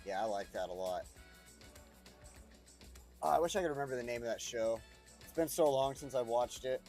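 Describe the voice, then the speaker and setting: Man, mid-pitched, loose profane gameplay chatter, laughs a lot; cast as a casual streamer. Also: moderate pace, a little mellow, soft background music. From United States. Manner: rambling, profane, chuckles often. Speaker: streamer playing a city-building game.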